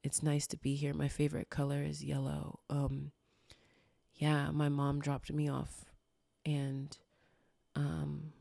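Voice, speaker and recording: A woman putting on a shy, anxious teenage girl who mumbles flatly and hesitantly. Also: low voice, slow pace, vocal fry, long pauses, dry recording, studio quality, heavily acted. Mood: timid.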